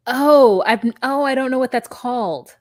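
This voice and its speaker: A woman's voice: high-pitched, normal speed, no echo. Blunt, swearing woman podcast co-host. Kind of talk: casual chat.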